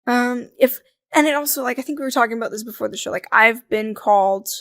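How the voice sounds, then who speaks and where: A talkative woman guest on a podcast, her voice pitched a little high. She rambles easily with lots of "like" and breaks into laughs now and then. She is close on a dry, dead-sounding mic. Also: fast talker, fairly bright tone, no room sound. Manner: chatty, frequent "like" fillers, laughs often. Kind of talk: casual conversational interview.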